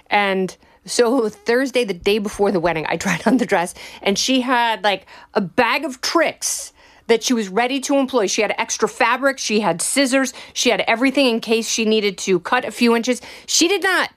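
A young adult woman telling a story in a casual, animated way, often laughing as she talks. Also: a little high, normal speed. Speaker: bride telling her wedding story.

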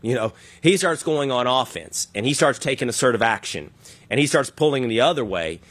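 Man, interview host, middle pitch, reasoning through analogies, dry close sound. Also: lively intonation, brisk, a bit bright, no echo. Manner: thoughtful, builds arguments with analogies. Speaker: podcast host. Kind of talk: conversational interview.

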